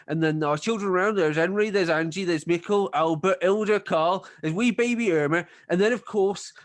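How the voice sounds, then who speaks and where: A man's voice: sits high, moderate pace, pitched above the performer's own voice, natural voice. A man voicing a middle-aged farmer who fusses over his guests, talking hesitantly with lots of fillers. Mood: flustered. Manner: hesitant, stumbling with many fillers. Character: middle-aged male farmer, flustered, fussy host.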